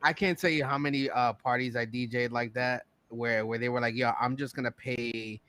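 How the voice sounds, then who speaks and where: A man's voice: mid-range voice, steady tone, normal speed, a bit bright, a little hiss or hum. A man on a podcast, jumping into the casual chat to share his own experience as a DJ. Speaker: podcast co-host, DJ.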